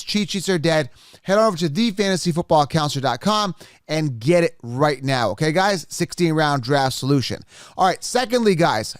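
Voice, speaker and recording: A man hosting a podcast in a casual, energetic way, repeating plugs and talking the listener through each step. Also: high-pitched, no echo, clean studio sound. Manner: energetic, repetitive, salesy. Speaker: podcast host. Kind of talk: casual podcast talk with ad reads. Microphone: studio microphone.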